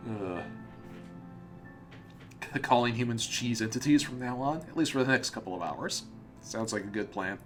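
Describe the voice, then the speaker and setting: A man's voice: medium pitch, moderate pace, long pauses, faint music behind. A man hosting a let's play, reading a visual novel aloud with amused commentary and frequent stumbles. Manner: amused, often laughing and stumbling over words.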